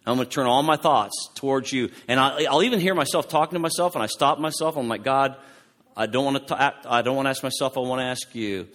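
A man preaching in a loose, animated, conversational way, often restarting his sentences. His voice sits in the middle of the male range. It rings out with the long reverb of a large hall. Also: medium pitch, quick pace. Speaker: pastor. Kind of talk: sermon.

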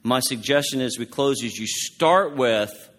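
A man preaching in a loose, animated, conversational way, often restarting his sentences. His voice sits in the middle of the male range. It rings out with the long reverb of a large hall. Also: medium pitch, unhurried. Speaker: pastor. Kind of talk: sermon.

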